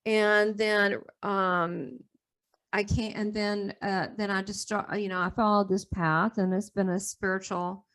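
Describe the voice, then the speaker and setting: Interview guest: middle-aged woman, candid and rambling, mid-pitched everyday voice. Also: little pitch movement, a little slow, a bit bright. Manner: rambling, restarts often, laughs between thoughts. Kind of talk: candid conversational storytelling.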